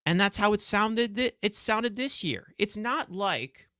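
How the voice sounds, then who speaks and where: A man's voice: high-pitched, lively intonation, a little slow, sharp tone, dry recording, clean studio sound. A man with a New York accent co-hosting a sports podcast, ranting and swearing as he airs his frustration. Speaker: podcast co-host. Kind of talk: heated sports reaction talk.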